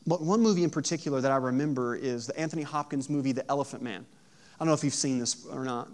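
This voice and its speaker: A man preaching a sermon. He moves from hushed storytelling to loud, emphatic preaching and asks the audience questions. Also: mid-range voice, fast. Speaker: pastor.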